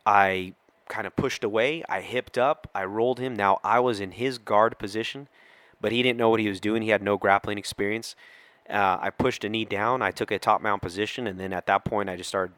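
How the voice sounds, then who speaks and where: A middle-aged man with a fairly low voice tells a story on a podcast, acting out every quoted line. The close mic sounds dry, with no room around it. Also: a little fast, no room sound. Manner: animated storyteller who acts out quoted lines. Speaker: police officer guest telling a story.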